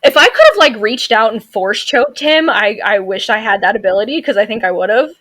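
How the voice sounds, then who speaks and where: Her fairly high, expressive voice has a fairly bright tone and moves a little fast as this veterinary technician in her thirties relates stories. She's a sassy, outspoken guest on a casual interview-style podcast.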